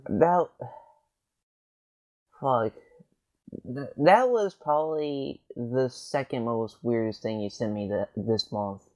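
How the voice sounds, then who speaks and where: A man's voice: medium pitch, slow, pauses often, mellow, dull audio. A young man co-hosting a casual podcast, blunt and dryly teasing. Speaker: podcast co-host.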